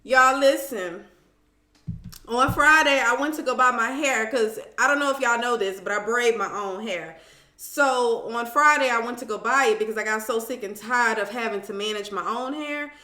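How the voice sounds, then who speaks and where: A woman's voice: on the high side, normal speed, pushed and bright, roomy sound. A woman hosting a casual live stream from home, chatting with viewers, greeting them by name and calling them child and boo.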